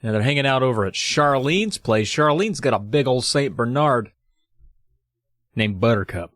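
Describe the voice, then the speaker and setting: A mid-pitched man recaps a story for a comedy podcast, irreverent and profane. The sound is close and dry, with no room echo. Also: expressive, moderate pace, a bit bright. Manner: irreverent, profane, laughing retelling. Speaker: podcast co-host. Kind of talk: casual comedic book recap.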